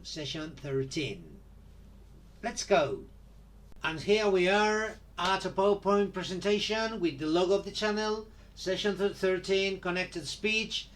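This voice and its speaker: A middle-aged man teaching English pronunciation outdoors, explaining slowly and patiently and often checking in with "right?". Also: high-pitched, a bit bright. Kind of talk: online English lesson. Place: outdoors near a city landmark.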